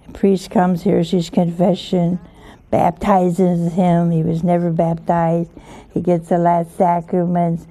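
A woman's voice: on the low side, monotone, slow, warm tone. A woman giving an informal sermon in a folksy way, often asking her listeners rhetorical questions. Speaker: religious teacher.

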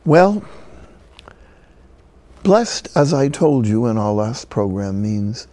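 A male priest telling stories in a broadcast sermon, slow and deliberate, dropping to a hush for emphasis. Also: mid-range voice, sing-song, dry recording.

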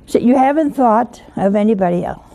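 A woman's voice: a little high, animated, brisk, dark tone. A woman giving an informal sermon in a folksy way, often asking her listeners rhetorical questions. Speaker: religious teacher.

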